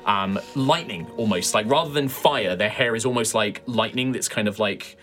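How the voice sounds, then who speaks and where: A man's voice: lowish voice, normal speed, fairly bright tone, faint music behind. A man running a tabletop game as game master, describing characters with many ums and likes.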